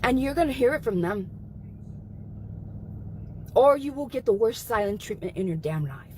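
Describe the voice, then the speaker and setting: A woman's voice: on the high side, expressive, normal speed, darkish tone, slight background noise, low-quality recording. Angry, cursing woman venting. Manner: angry, profane, emphatic. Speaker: guest. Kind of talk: heated livestream talk.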